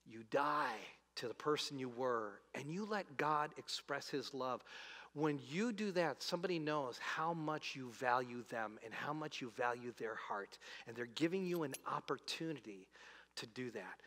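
A man preaching a sermon as pastor, animated, swinging from loud emphasis to soft, low asides. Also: moderate pace. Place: church auditorium. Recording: long hall reverb.

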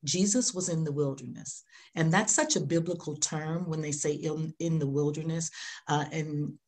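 A woman's voice: sits low, normal speed, a little mellow. A middle-aged woman pastor preaching a sermon, earnest, repeating key phrases for emphasis.

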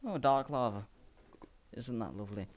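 A man's voice: medium pitch, normal speed. A man rambling through casual, self-mocking gameplay commentary. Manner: rambling, self-mocking, playful sound effects. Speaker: Minecraft let's player. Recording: dull lo-fi home mic with faint hiss.

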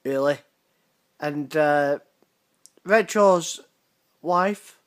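A British man hosting a gaming channel reacts to voicemails in a laid-back way, swearing and laughing through casual commentary. His fairly high voice is expressive and slow.

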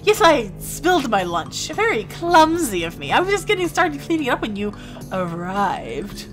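A woman's voice: fairly high pitch, very animated, moderate pace, music in the background. A woman voicing a creepy, grinning male innkeeper and butcher in a comic game, who claims a lisp and stresses words oddly. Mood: sly. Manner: oddly stressed, falsely innocent talk.

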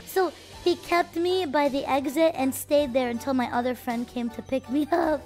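A young woman streamer chats with her viewers in a high, bright voice. She moves from loud, defensive bursts to quiet asides. Faint music plays behind her. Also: normal speed. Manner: animated, defensive, swings between loud and quiet. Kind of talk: casual storytelling to viewers.

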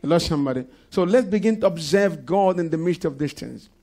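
Male pastor, gravelly, slightly high voice, preaching with congregation call-outs. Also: expressive, brisk, darkish tone. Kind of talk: sermon. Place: church service.

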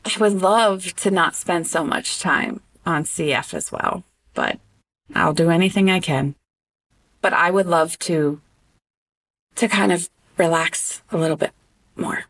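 A woman guest in a casual interview conversation who talks with animated expression and often stops on an um. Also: lowish voice, a little slow. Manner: animated and expressive, breaks into laughter; hesitant with frequent ums.

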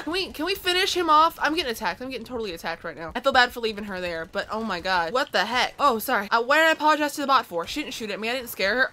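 A woman's voice: medium pitch, animated, fast talker, hardly any pauses, pushed and bright, a little hiss or hum. A young woman hosting her own channel, giving jittery, self-mocking gameplay commentary that breaks into yelps when startled. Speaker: gaming channel host.

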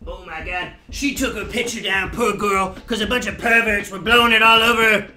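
High-voiced profane male streamer. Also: a little fast. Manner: crude, profane, rambling, excitable. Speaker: live streamer. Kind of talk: casual live-stream chatter to viewers. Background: game music.

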